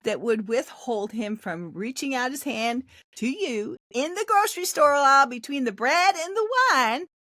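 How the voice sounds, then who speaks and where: A woman's voice: high-pitched, moderate pace, dry recording, clean studio sound. An older woman pastor, a podcast guest, telling a faith testimony in a casual interview and animating the people in her story. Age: 60s. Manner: animated storyteller acting out quoted voices.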